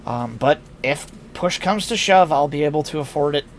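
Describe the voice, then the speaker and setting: A man's voice: on the high side, animated, moderate pace, slight background noise. A tired man chatting casually on a live stream through a headset, rambling with fillers and restarts. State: tired, yawning.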